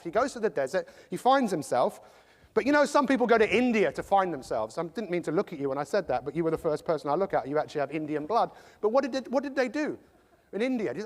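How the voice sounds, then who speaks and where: English man, motivational speaker, high voice, jokey and animated, long hall reverb. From England. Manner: animated, jokey, acts out quick impressions. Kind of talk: live motivational talk to an audience.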